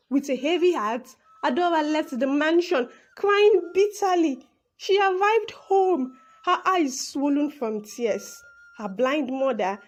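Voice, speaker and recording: A woman narrating a children's folk tale and shifting her voice for each character. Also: high-pitched. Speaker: storyteller.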